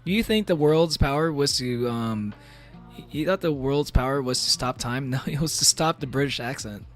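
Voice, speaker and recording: A man's voice: mid-range voice, normal speed, faint music behind. Rambling, laughing male streamer at home. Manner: rambling, animated, laughs often between thoughts. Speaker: VTuber streamer. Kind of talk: casual live-stream chat while gaming.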